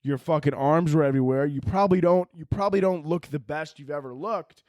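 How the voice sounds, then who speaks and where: A man hosting a solo podcast, rambling through a crude, profane comedic monologue with animated swings in his delivery. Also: a little high, fairly quick, hardly any pauses, no room sound, studio quality. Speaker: podcast host.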